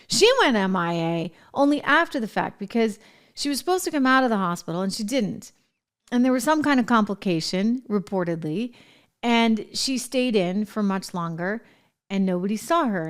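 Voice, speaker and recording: A woman hosting her own show, giving breezy, chatty news commentary with plenty of fillers and asides. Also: medium pitch. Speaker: show host.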